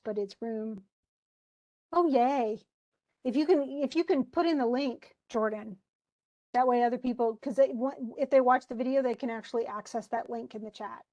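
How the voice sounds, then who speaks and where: A woman's voice: on the high side, warm tone. A woman teacher giving an informal, chatty lesson. She digresses and paraphrases old text into plain everyday words. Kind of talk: informal lesson explaining a play.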